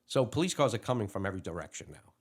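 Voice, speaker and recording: Animated older man. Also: lowish voice, very fast. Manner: animated, acts out dialogue in a raised voice. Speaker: retired police lieutenant, guest. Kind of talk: storytelling interview.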